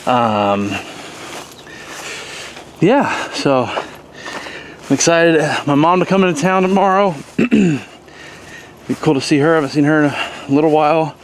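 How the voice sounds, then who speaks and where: A man's voice: on the high side, slow pace, long pauses, slight background noise. A man giving a casual, rambling tour of his homestead garden and animals, with plenty of fillers. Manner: relaxed, rambling, many fillers. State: has the hiccups. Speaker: homesteader vlogger. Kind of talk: casual walking tour commentary. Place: outdoors on a homestead.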